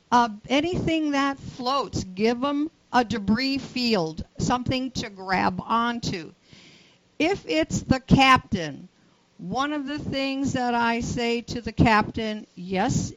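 A woman boating-safety instructor explains the basics on the radio in a practical, matter-of-fact way. Her voice sits a touch high. The sound is muffled and lo-fi, like a call-in line. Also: no room sound. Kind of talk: radio interview.

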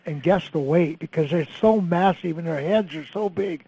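A man co-hosting a fishing radio show, excitable and chiming in often. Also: fairly high pitch, moderate pace, vocal fry, slightly rough, rough recording. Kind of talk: casual radio chat.

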